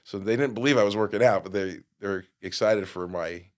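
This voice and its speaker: Low-voiced man telling a story animatedly. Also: brisk. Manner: animated storyteller, acts out quotes with big jumps in loudness. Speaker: guest. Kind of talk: storytelling in a podcast interview.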